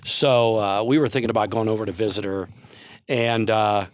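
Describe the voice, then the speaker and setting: A man's voice: fairly low pitch, steady tone, moderate pace, no room sound, clean studio sound. An older man, a guest on a podcast, telling long rambling stories in casual chat and laughing often.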